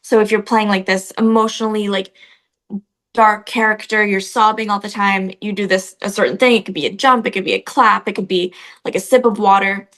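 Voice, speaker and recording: A woman's voice: medium pitch, steady tone, brisk, a bit bright. Chatty young woman telling stories. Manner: chatty storytelling, frequent "like" fillers. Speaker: actress, guest. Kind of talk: casual interview chat.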